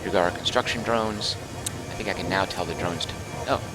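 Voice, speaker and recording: A man's voice: low-pitched, moderate pace, over music. A man casually commenting as he streams a game, thinking aloud and reading out viewer comments.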